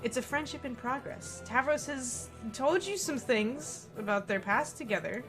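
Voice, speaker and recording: A woman reads a game's narration aloud on a stream, breaking off for laughing asides. Her high, bright voice moves across a wide pitch range. Faint music plays underneath. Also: animated, moderate pace, few pauses. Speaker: let's play streamer. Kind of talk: reading a visual novel aloud with commentary.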